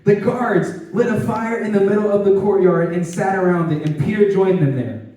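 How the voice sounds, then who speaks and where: A man preaching a lively youth sermon, animated and conversational, with tag questions and laughing asides. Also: high-pitched. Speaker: youth pastor. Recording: echoey hall, distant mic.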